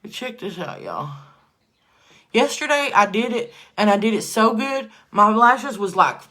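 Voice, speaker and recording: A woman chatting casually to viewers on a livestream while doing her makeup, excitable and prone to loud bursts of praise. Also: medium pitch, a little slow. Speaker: livestream host.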